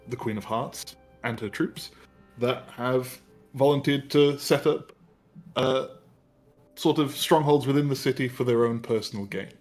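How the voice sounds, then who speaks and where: A man's voice: medium pitch, a little mellow. Rambling man narrating as dungeon master. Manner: rambling, hesitant narration with many fillers. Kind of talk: narrating a tabletop game.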